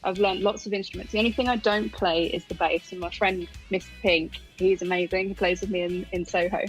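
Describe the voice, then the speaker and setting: A woman's voice: fairly low pitch, steady tone, a little fast, faint music behind, low-quality recording. A woman musician talking on the phone in a radio interview, chatty and self-deprecating, laughing often and using many fillers. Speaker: musician guest. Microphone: phone line.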